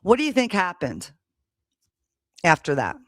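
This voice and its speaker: A woman's voice: fairly low pitch, huge pitch swings, measured pace, dry recording, studio quality. A woman hosting a live stream, telling a personal story in a blunt, heated, casual way, swearing freely. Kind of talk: casual monologue to a live audience. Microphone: streaming setup mic.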